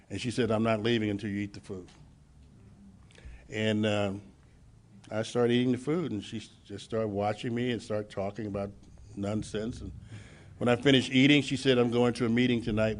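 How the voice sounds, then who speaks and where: A man speaking at a recovery meeting, telling his own story and acting out the dialogue, swinging from hushed to loud. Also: mid-range voice, slight background noise. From Los Angeles. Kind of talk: personal testimony at a meeting.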